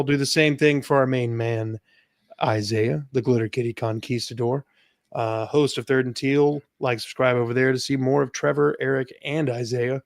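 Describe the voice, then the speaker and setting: A man hosting a casual panel podcast, calling his own voice monotone. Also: mid-range voice, dry recording, studio quality. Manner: self-described monotone voice. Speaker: podcast host.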